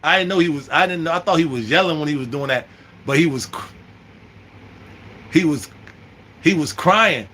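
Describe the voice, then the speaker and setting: A man in his thirties telling a prison story in an animated, profane, slang-heavy way, with lots of restarts. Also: on the high side, normal speed, pauses often. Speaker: vlogger. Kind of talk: storytime monologue.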